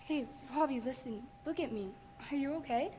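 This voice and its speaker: A woman's voice: sits high, lively intonation, moderate pace, slight background noise. A woman acting a caring young woman, the hero's girlfriend, earnest and emotive in a live stage musical. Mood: comforting.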